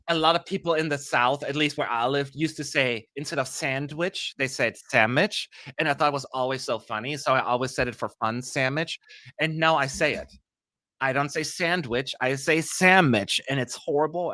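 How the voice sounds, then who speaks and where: A man from Germany hosts a live stream in a casual, chatty way, with a bright, forceful voice. He pokes fun at himself and has a dry, sarcastic streak, and he reads viewer questions aloud. The sound is dry and close. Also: medium pitch, moderate pace, no echo.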